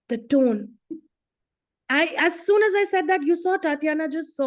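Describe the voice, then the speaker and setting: A woman's voice: sits high, moderate pace. A woman presenting her organisation in an emphatic, demonstrative way, often checking in with "right?" and "you know". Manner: emphatic, demonstrative, uses tag questions. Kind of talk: casual presentation with interpreter.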